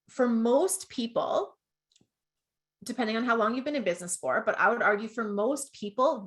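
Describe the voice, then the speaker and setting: A Canadian woman leads an online business masterclass in a mid-pitched, everyday voice. She talks in a chatty, upbeat way and keeps checking in with her listeners. She laughs at herself easily. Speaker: business coach.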